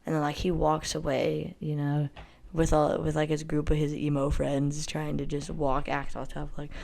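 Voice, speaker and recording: A woman's voice: deep voice, completely flat delivery, normal speed, vocal fry, darkish tone. A teenage girl telling a story-time vlog in casual, rambling speech full of "like", blunt and boastful. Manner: rambling, filler-heavy with constant "like".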